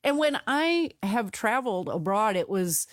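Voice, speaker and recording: A woman from the United States co-hosting a podcast in casual chat, animated and full of restarts. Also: mid-range voice, unhurried, dry recording, clean studio sound. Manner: chatty, animated, with restarts and laughs. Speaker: podcast co-host.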